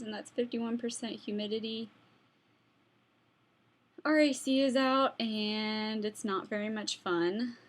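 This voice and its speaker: A woman's voice: fairly high pitch, slight background noise. A young woman chatting casually to her computer camera at home, rambling from one thing to the next and talking to her dog. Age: young adult. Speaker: vlogger. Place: at home, indoors. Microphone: computer webcam.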